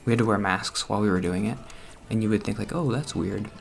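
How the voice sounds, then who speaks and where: A young man with a low, gravelly voice talks casually in a room at home. He rambles and sounds self-conscious, laughing nervously now and then. A faint hum sits under the recording. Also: fast talker. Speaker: gaming vlogger. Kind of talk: casual chat over gameplay.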